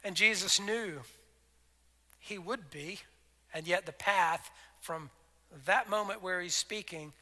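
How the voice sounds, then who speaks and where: Preaching at a slow pace and pausing often, the pastor keeps a conversational style in his high, very bright voice. A big hall's lingering reverb surrounds him as he voices scripture dialogue, occasionally turning soft and intimate.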